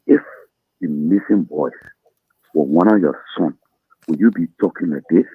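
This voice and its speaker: A man's voice: deep voice, moderate pace, husky, no room sound. A man calling in to a talk show who accuses and repeats his question. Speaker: caller. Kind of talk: angry phone-in question. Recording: tinny phone line.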